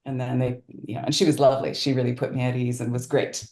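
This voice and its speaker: A woman guest telling stories in a casual interview, animated, with many restarts. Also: very deep voice, fast talker, roomy sound. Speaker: guest actor.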